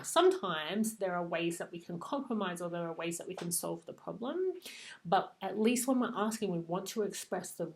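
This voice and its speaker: Woman explaining parenting tips. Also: on the low side. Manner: explanatory, tags points with "right?"; acts out parent and child phrases. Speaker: parenting educator. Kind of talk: talking-head parenting advice.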